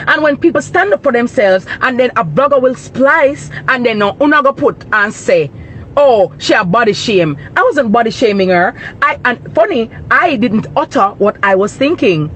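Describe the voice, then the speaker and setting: A woman's voice: on the high side, lively intonation, normal speed, fairly bright tone, a little hiss or hum. Indignant woman with a Jamaican accent. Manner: indignant, emphatic rant. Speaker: vlogger. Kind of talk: direct-to-camera commentary.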